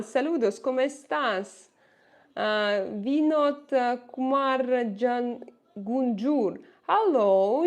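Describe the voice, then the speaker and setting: Speaking with a Russian accent, this native Russian-speaking livestreamer reads out comments from viewers and talks straight to them, pausing on many fillers. Her voice sits a little high and sounds a little mellow.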